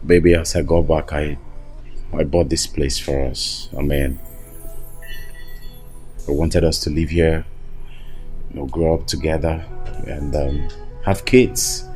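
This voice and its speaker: A low voice of a remorseful lover, pleading softly and explaining himself. Quiet music sits under him. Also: male voice, fairly even intonation, slow pace, pauses often. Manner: soft, pleading. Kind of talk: Nollywood film acting.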